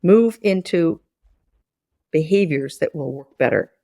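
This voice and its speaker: Woman in her sixties, gravelly low voice, dry close mic, podcast guest teaching with stories. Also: unhurried, dry recording. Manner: animated storyteller who acts out dialogue with repeated restarts. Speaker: guest, former business school lecturer. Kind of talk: podcast interview, teaching through anecdote.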